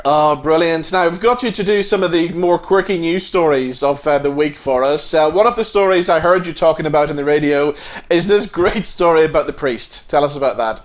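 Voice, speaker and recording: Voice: mid-range voice, a little fast. A co-host of the show introducing clips and cheerfully prompting a guest for stories. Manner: upbeat, encouraging interviewer. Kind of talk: casual chat.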